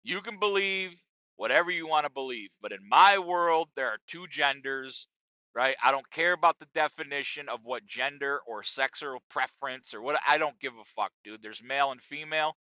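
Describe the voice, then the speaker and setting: A man's voice: medium pitch, moderate pace, pushed and bright, smooth, no echo, muffled recording. A middle-aged man hosting a podcast, talking loosely and profanely straight to his listeners in a casual monologue. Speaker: podcast host.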